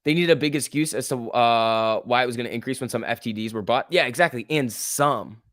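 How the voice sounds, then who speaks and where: A man hosting a live stock market stream, talking casually and reacting to viewers in chat with slangy, animated commentary. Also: mid-range voice, brisk, dry recording, clean studio sound. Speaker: stock market livestream host.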